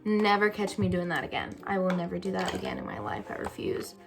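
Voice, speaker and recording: A woman's voice: lowish voice, expressive, brisk, creaky, music in the background. A teenage girl vlogging a chatty get-ready-with-me, rambling and self-mocking, a little out of breath. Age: teens. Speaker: beauty vlogger. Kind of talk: casual get-ready-with-me chat.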